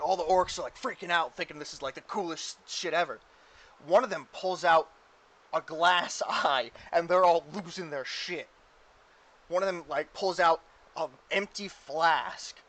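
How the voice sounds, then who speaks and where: Bright-voiced man narrating as game master. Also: on the high side. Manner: rambling, full of "like" fillers. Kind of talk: casual tabletop game narration.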